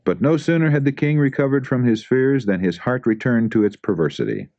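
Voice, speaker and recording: A man giving a solemn, measured reading of a religious book as audiobook narration. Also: medium pitch, sing-song, warm tone, no echo, dull audio. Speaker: audiobook reader.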